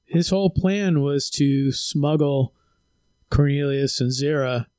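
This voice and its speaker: A man's voice: a little high, slow pace, mellow, smooth, no room sound, clean studio sound. A man co-hosting a casual film discussion, thoughtfully explaining plot points at length. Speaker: podcast co-host.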